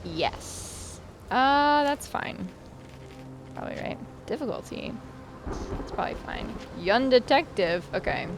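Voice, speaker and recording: A woman's voice: on the high side, lively intonation, slow, over music. A young adult woman streamer giving casual, chatty gameplay commentary, swearing freely and talking to her chat.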